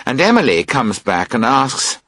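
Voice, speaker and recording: Male audiobook narrator, husky and expressive, for a learner-level story. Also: medium pitch, moderate pace, dry recording, clean studio sound. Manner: expressive, voices characters. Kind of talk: audiobook reading of a graded reader.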